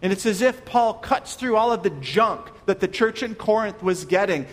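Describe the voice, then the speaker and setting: A man's voice: sits high, animated, normal speed, few pauses, long reverb tail. A man preaching a sermon, earnest and questioning, often restarting his words. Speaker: pastor.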